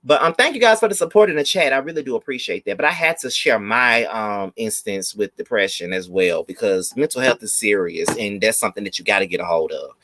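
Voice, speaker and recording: A man chatting casually through a live review of a TV episode. He is animated and slips into mocking impressions. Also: on the low side, fairly quick, few pauses, no room sound.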